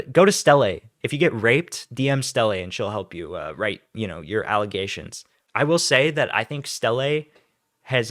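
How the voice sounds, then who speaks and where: A man's voice: on the low side, fairly bright tone, no room sound, studio quality. A young man doing ranting YouTube commentary, sarcastic, blunt and profane.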